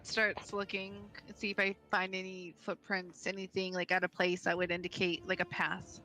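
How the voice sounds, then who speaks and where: A woman's voice: fairly low pitch, flat delivery, normal speed, bright, forceful tone, faint music behind. A woman playing a tabletop game, speaking bluntly and dryly. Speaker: player. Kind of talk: casual tabletop play.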